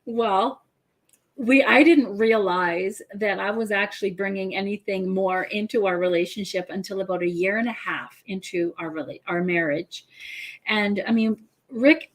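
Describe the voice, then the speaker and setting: A middle-aged woman, a guest family coach, talking in a casual talk-show chat and telling a personal story earnestly and with feeling. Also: mid-range voice.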